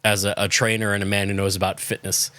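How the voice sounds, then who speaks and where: Low, bright-toned man asking deadpan questions. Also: fast, dry recording, clean studio sound. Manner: mock-formal, deadpan questions. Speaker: podcast host. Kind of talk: casual interview questions.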